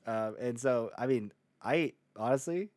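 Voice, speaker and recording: A man's voice: medium pitch, expressive, a little slow, a little mellow, dry recording. A man co-hosting a casual manga chapter review, loose and profane, acting out characters in quoted lines. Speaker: podcast co-host.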